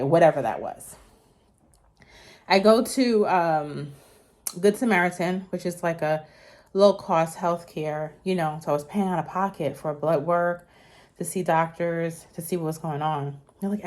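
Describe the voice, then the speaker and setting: A woman's voice: medium pitch, a little mellow. Chatty woman, slightly out of breath. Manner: chatty, rambling with many fillers and self-corrections. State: short of breath. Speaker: vlogger. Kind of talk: casual storytelling to camera.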